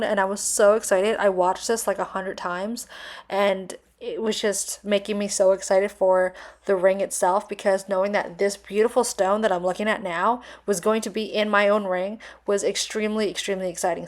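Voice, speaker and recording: A woman's voice: mid-range voice, steady tone, normal speed. A young adult woman narrating a casual vlog voice-over, gushing and effusive, chatty with lots of fillers. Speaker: vlogger reviewing a purchase.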